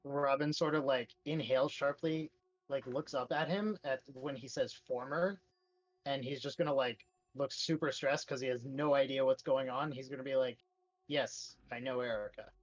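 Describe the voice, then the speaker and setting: A man's voice: medium pitch, steady tone, moderate pace, muffled recording. A man playing a tabletop role-playing game, describing what his character does. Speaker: player.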